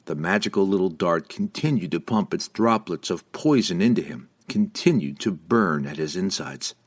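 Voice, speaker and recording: A man narrating a fantasy audiobook with a dramatic, expressive reading. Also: low voice, moderate pace, slightly rough.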